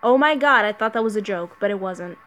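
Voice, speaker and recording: A woman's voice: medium pitch, expressive, brisk, fairly bright tone, dull audio. A woman commenting on a game she is playing, joking and giggling often. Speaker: game streamer.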